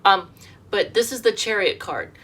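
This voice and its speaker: A woman's voice: medium pitch, expressive, normal speed, fairly bright tone, far from the mic, a little hiss or hum. Breathless woman doing a chatty tarot reading. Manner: rambling, chatty, reads card meanings aloud. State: sick, short of breath. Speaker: tarot reader. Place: home.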